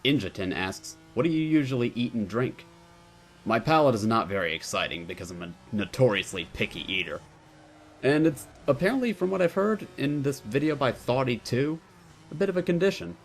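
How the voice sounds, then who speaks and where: A man's voice: medium pitch, sing-song, fairly quick, a little hiss or hum. A young man answering viewer questions at home in a casual, playful, wry way. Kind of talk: casual Q&A monologue.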